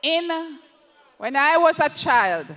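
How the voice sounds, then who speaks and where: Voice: sits high, lively intonation, slow pace, sharp tone, in a large hall. A speaker with a Jamaican accent giving an impassioned campaign rally speech, calling the crowd comrades and slipping into patois. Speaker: political candidate at a rally.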